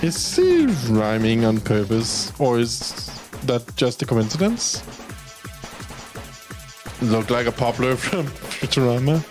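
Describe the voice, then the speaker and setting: A man's voice: mid-range voice, sing-song, takes it slowly, over music. A man from Denmark streaming a game, reading its text aloud and commenting casually, swearing freely.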